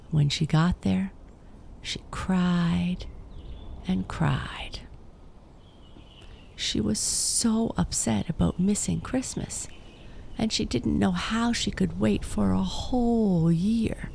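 A woman narrating a children's storybook in a slow, soft-spoken manner that sinks to whispers. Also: mid-range voice, vocal fry, a little hiss or hum.

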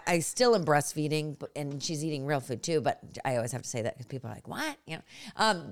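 A woman's voice: fairly low pitch, clear, resonant tone. A young adult woman hosting a podcast interview, chatting casually and gushing, with frequent restarts and fillers. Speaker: podcast host.

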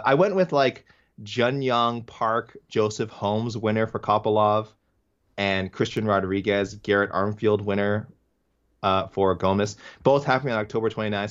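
A man co-hosting a podcast, chatting casually about fights in an animated, rambling way that often corrects itself. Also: on the low side, lo-fi sound. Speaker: podcast co-host. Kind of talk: casual sports chat.

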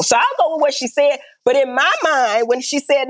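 A reality TV star appearing as a podcast guest tells candid stories in an interview, her voice high and her pace normal. She is blunt and animated, acts out quoted dialogue, and keeps dropping "right?" into her talk.

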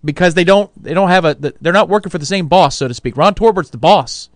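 A man co-hosting a sports talk radio show, tossing in quick joking remarks. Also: high voice, no room sound. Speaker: radio co-host.

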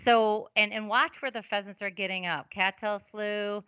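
A middle-aged woman, a hunting guest, telling stories in an animated, casual way with many restarts. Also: mid-range voice, normal speed, clear, resonant tone, no room sound, lo-fi sound. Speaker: podcast guest, hunting instructor. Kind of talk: casual storytelling interview.

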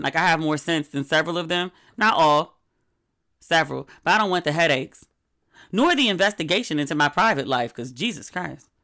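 A middle-aged woman hosting a podcast, chatting casually in a candid, wry, animated way. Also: low-pitched. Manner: candid, wry and animated, with sudden quoted outbursts. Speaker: podcast host. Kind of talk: casual solo podcast chat.

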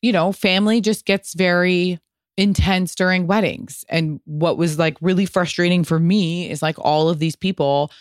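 A woman in her thirties hosting a solo podcast, answering listener questions in a candid, profane, animated way. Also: lowish voice, normal speed, no echo, studio quality. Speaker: podcast host.

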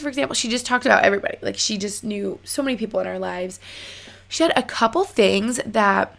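A woman's voice: on the high side, vocal fry. A young woman telling a story casually to her viewers, chatty and full of fillers. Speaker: vlogger.

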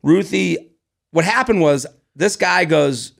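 A man co-hosting a podcast, telling stories in casual chat, animated and laughing often. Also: a little high, brisk, creaky. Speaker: podcast co-host.

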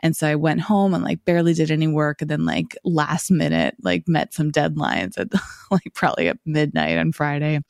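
Woman hosting a solo podcast, rambling and reflective, tired and a bit scratchy, with some vocal fry. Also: low voice, a little mellow, no echo, clean studio sound. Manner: rambling, reflective, many filler "like"s. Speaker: podcast host.

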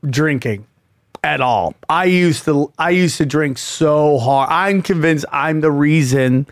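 A man in his thirties co-hosting a podcast, talking in a casual, excitable and profane way. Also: on the high side, slow pace. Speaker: podcast co-host. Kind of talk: casual chat.

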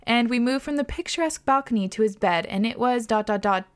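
A woman hosting a podcast, reading listener stories aloud in an expressive way, swearing and laughing often. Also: on the high side, fast talker. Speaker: podcast host.

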